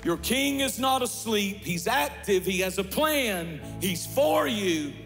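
A male pastor preaching a passionate sermon in a large church, building up to shouts. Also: high-pitched, expressive, slow, big-room sound, over music.

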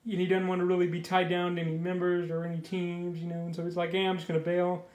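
A man's voice: high voice, completely flat delivery, quick pace, darkish tone. A man casually reviewing a comic book, rambling loosely and filling his talk with "you know" and "like". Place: indoors. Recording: echoey room.

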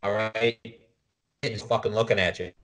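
A man voicing a brash Italian-American tough guy, loud and high, swooping, cartoonish. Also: big pitch swings, very slow, full character voice. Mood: aggressive.

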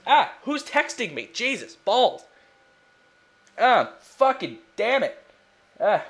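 Lively young man rambling over gameplay. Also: extremely high pitch, slow, slightly rough. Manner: rambling, excitable, swears and laughs often. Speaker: let's play gamer. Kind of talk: casual gameplay commentary.

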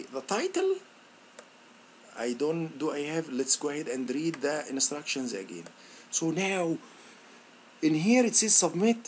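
Lively male instructor walking through software. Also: a little hiss or hum. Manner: thinks aloud, repeats words, frequent fillers; lively, rising pitch on praise words. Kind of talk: screen-recorded software tutorial.

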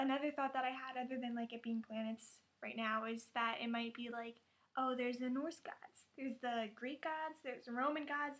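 High-pitched woman vlogger, chatty and excitable, laughs a lot. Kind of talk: casual reaction vlog.

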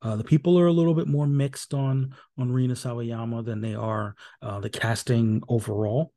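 A man's voice: medium pitch, steady tone, moderate pace, warm tone. A man hosting a solo podcast, talking casually and wryly with many fillers and self-corrections. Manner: dry and wry. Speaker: podcast host.

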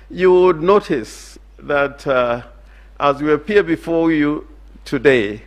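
A man with a Kenyan accent, a lawyer making a formal courtroom submission, deliberate and emphatic, with hesitant restarts. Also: medium pitch, creaky, fairly bright tone.

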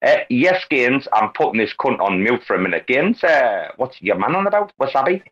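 A man hosting a crypto talk space, brash and excitable, swearing constantly in casual banter. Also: mid-range voice, a little fast. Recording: lo-fi online call audio.

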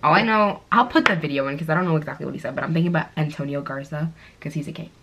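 A woman's voice: deep voice, rapid-fire, heavy background noise. A young woman chatting casually while she does her makeup, telling stories in a bubbly way with lots of fillers. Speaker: beauty vlogger.

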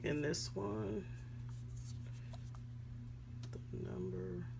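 A woman with a lowish, creaky voice speaks very slowly in a casual craft-haul vlog from her home craft room, with background noise audible. She shows off craft supplies in chatty show-and-tell style, calling viewers "guys" and saying "um" a lot.

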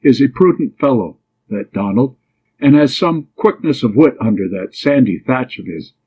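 Voicing a teasing young woman in love for an audiobook, a man speaks at a moderate pace in an expressive, slightly rough, medium-pitched voice. He sounds pert, mischievous, and pleading over a dull, lo-fi recording.

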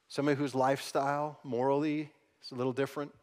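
A male pastor preaching a Sunday sermon in a church, coaxing the congregation to repeat lines after him, swinging between loud emphasis and hushed tones. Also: mid-range voice, fairly even intonation, rapid-fire. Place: church auditorium.

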